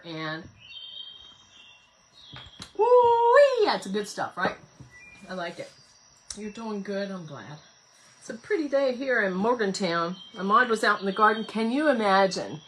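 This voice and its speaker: A woman's voice: medium pitch, bright, forceful tone, slight background noise. Chatty, giggly woman crafting. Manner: chatty, giggly and rambling, reads viewer comments aloud. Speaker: craft livestream host. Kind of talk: casual chat while crafting. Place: home craft room.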